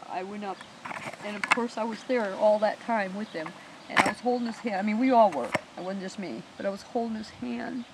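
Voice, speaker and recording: Higher-voiced woman telling a painful story. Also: background noise. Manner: emotional, halting, with restarts and soft laughs. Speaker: survivor telling her story. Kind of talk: personal storytelling.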